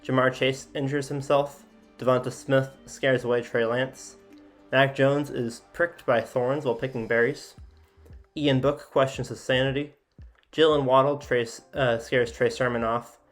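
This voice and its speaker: A man casually reading out simulation events as a sports video host, with frequent filler sounds and offhand asides. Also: mid-range voice. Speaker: sports YouTuber.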